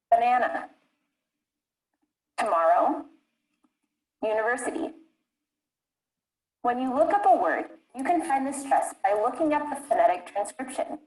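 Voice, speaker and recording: A woman teaching English pronunciation in a clear, deliberate, scripted way. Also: high-pitched, very animated, darkish tone. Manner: clear, deliberate modeling of words. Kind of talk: scripted lesson narration. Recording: echoey room.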